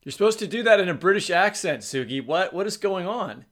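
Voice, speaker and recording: A man's voice: high voice, animated, brisk. A man co-hosting an interview podcast, asking long questions and joking with his guests. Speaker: podcast co-host. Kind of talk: conversational interview.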